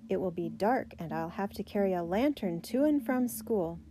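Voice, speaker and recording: A woman's voice: mid-range voice, animated, normal speed, warm tone, a little hiss or hum, lightly acted. A woman voicing an eager young boy in a children's storybook reading, earnest and a little pleading.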